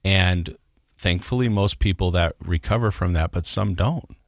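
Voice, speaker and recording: Low-voiced guy hosting a podcast, calm, explains stuff plainly, dry sound. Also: unhurried, no echo. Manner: calm, asks clarifying questions and explains plainly. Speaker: podcast co-host. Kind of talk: conversational interview.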